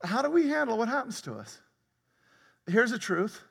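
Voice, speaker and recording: A man preaching a sermon as pastor, talking conversationally, laughing often and breaking into sudden loud outbursts. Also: extremely high pitch, sing-song, moderate pace, creaky, husky, long reverb tail. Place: church sanctuary.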